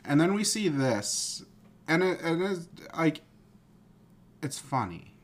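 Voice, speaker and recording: A man's voice: fairly high pitch, big pitch swings, slow. American guy on a sports pod, chatty, says like a lot. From United States. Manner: chatty, heavy use of "like". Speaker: podcast co-host. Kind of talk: casual sports chat.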